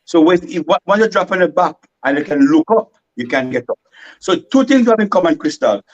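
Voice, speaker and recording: A man from Saint Vincent with a Vincentian accent, a radio guest in casual chat, animated and prone to repeating and restarting his words. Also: on the high side, a little fast, dull audio. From Saint Vincent and the Grenadines.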